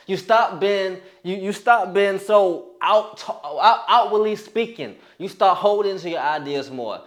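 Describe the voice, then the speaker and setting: A young man giving a blunt, profane motivational talk as a fitness coach, often restarting his sentences. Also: high-pitched. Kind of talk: motivational monologue.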